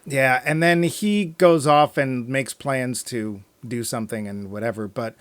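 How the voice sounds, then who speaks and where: A man's voice: mid-range voice, a little slow, a bit bright, clear, resonant tone, no echo. A man co-hosting a movie podcast, talking in a sarcastic, joking way and laughing often. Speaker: podcast co-host. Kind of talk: casual movie review chat.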